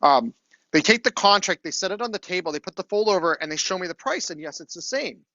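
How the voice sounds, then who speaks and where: Middle-aged man, chatty lecturer, slightly high voice, checks in with "okay?", dry classroom capture. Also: animated, fast, pushed and bright, no room sound, highs cut off. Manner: chatty storytelling, frequent "okay?" check-ins. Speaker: university lecturer.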